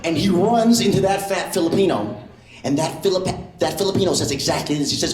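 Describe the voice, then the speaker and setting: A man doing a stand-up comedy set in a comedy club, animated and jumping into loud impressions. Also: high voice, fairly quick, reverberant, background noise.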